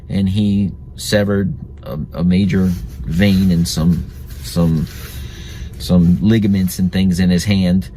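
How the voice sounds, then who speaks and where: Male podcast host, lowish voice, relaxed storyteller, faint hiss under it. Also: measured pace. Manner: chatty, reflective, laughs at his own stories.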